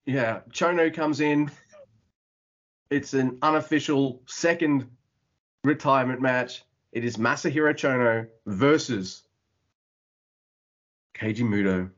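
A man co-hosting a wrestling podcast, recapping a match in excited, profane casual chat. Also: medium pitch, slow pace, long pauses, lo-fi sound. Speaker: podcast co-host.

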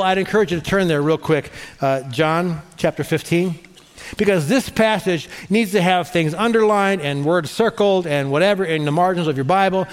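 Man, pastor, high-pitched, animated sermon, long hall reverb. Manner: animated preaching, repeats phrases for emphasis.

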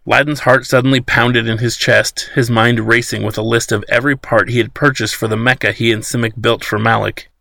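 A man narrating an audiobook in a steady storytelling manner. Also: medium pitch, fairly quick, creaky, hardly any pauses, no echo.

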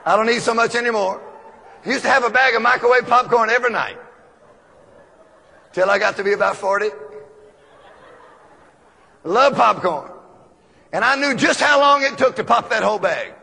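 A middle-aged man delivers a loud, emphatic sermon, laughing often as he drives each point home. His voice sits very high and carries a gravelly rasp. A long reverb from a large hall trails every phrase. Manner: shouting emphatic preaching, often breaking into laughter. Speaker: preacher.

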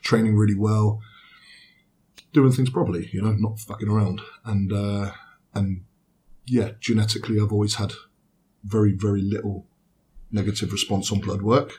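A man, a bodybuilder, casually recounting his training in a relaxed, rambling way with fillers. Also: lowish voice, normal speed. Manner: laid-back, rambling recap with fillers. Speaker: bodybuilder guest. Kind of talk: casual podcast chat.

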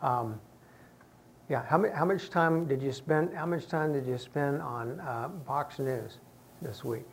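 A man's voice: medium pitch, measured pace, vocal fry, slight background noise. A man preaching a conversational sermon as pastor to his congregation, acting out the voices of people he quotes. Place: church sanctuary with congregation.

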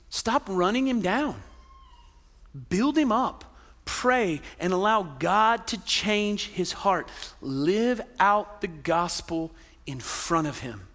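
Pastor, male, high bright voice, chatty sermon with jokes, big reverberant hall. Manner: conversational, joking asides, tag questions.

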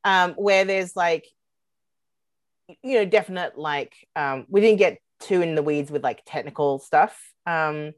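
A woman talking as a podcast guest in a loose, rambling way, with many pauses and fillers. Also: low voice, no room sound. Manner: rambling, hesitant, many ums and likes. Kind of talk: casual podcast chat.

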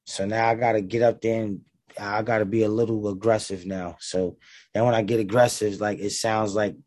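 Rapper, man, gravelly voice, laid-back and slangy, lowish voice, dry close sound. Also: steady tone, normal speed, a little mellow, dry recording. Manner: laid-back, heavy slang, many fillers. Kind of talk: casual interview talk.

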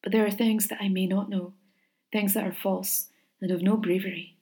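A woman voicing a proud, stern young Valkyrie, speaking in a solemn, ceremonial way with a slightly lowered, softer voice. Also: steady tone, normal speed, close to an everyday voice. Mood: grave.

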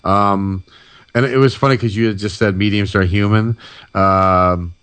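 A man's voice: lowish voice, measured pace, clean tone, no echo. A man chatting casually about paranormal experiences and telling anecdotes, acting out the people he quotes. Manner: storytelling, animated quoting of others. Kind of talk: casual chat.

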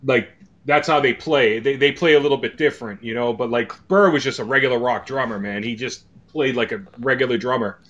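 A man's voice: mid-range voice, brisk, a bit bright, dull audio. A man co-hosting a casual podcast, talking emphatically about metal records and swearing freely. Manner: emphatic, swears, hums riffs. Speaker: podcast co-host.

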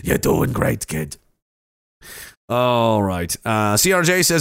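Rambling, profane livestream host. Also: male voice, mid-range voice, expressive, moderate pace, fairly bright tone, dry recording, studio quality. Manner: rambling, profane and cynical, with frequent restarts. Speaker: livestream host reading viewer comments. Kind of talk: casual livestream chat.

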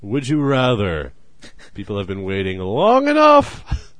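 A man's voice: on the low side, huge pitch swings, a little slow, fairly bright tone, no echo. A man hosting a casual podcast, teasing his co-host in a dry way and laughing often.

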